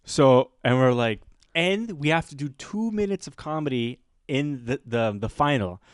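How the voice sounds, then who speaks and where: A smooth, mid-range male voice at normal speed comes through clean studio sound without echo. As podcast host, he animatedly tells a story in casual conversation, acting out the others' voices.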